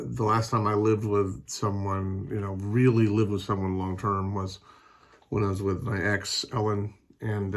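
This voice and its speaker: A man's voice: fairly low pitch, creaky. A man talking casually in a personal vlog at home, rambling and hesitant, with many fillers and restarts. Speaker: vlogger.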